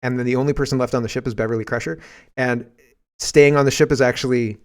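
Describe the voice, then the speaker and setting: A man with a Canadian accent hosting a casual political commentary podcast, rambling and animated, breaking into shouts when he acts out scenes. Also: medium pitch, fast talker. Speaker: podcast host.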